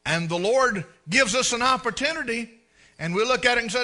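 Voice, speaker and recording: Bright-voiced preacher man. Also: extremely high pitch, fairly quick. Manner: folksy, animated storyteller who acts out scenes. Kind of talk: storytelling sermon.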